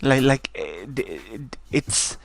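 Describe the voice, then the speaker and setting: A man's voice: mid-range voice, animated, takes it slowly, creaky. A man who is a guest on a casual chat, speaking bluntly and with strong opinions, swearing freely.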